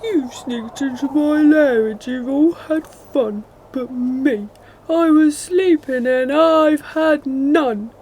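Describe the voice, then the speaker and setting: A woman voicing a big, grumpy, sleepy male bear in a read-aloud storybook, loud and complaining. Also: high-pitched, slow pace, voice pushed up. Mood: grumbling. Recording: noisy, from off-mic.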